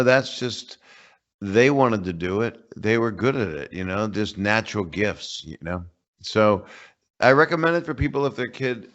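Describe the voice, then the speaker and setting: Older comedian guest, lowish voice, rambling wry jokes, muffled lo-fi call audio. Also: male voice, a bit bright. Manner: rambling, joking, wry asides. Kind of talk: casual interview chat over a call. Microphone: remote call connection.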